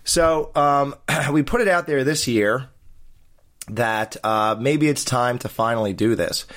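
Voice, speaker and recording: Male podcast host, average pitch, casual and rambling. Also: takes it slowly, fairly bright tone. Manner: rambling, with many fillers and restarts.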